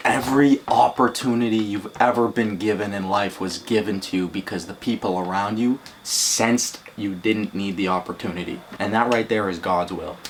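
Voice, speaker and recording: A man's voice: fairly low pitch, fairly even intonation, normal speed, hardly any pauses, a little hiss or hum. A man co-hosting a casual podcast, talking in a blunt, heated and profane way. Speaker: podcast co-host.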